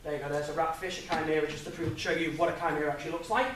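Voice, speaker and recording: High-voiced young man in echoey room. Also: little pitch movement, racing, fairly bright tone, slight background noise. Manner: chatty, jokey, laughs at own stories. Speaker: guest speaker. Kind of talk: informal public talk. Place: lecture room with audience. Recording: echoey room, mic at a distance.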